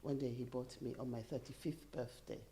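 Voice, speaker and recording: A middle-aged woman telling a personal story in a group conversation, animated and laughing as she talks. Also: a bass voice, a little fast, slight background noise. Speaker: bereaved participant.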